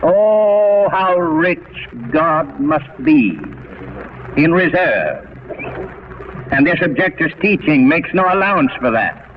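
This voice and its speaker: Old radio preacher, deliberate and rhetorical. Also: male voice, fairly high pitch, lively intonation. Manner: deliberate, rhetorical, repeats for emphasis. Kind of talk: radio sermon. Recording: dull, faintly hissy old radio recording.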